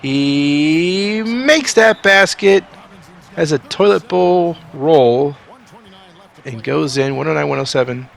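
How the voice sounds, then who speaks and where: A man doing play-by-play for a basketball video game simulation, swinging from calm asides to excited outbursts, a bit sick. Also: fairly high pitch, slow pace, vocal fry. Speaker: video game sim commentator. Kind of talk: play-by-play commentary.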